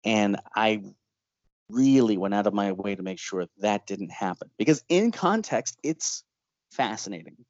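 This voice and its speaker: Animated male filmmaker, dry dull recording. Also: lowish voice, a little slow, no room sound. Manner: laughs often and acts out quoted voices. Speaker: horror filmmaker. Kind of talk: animated interview storytelling.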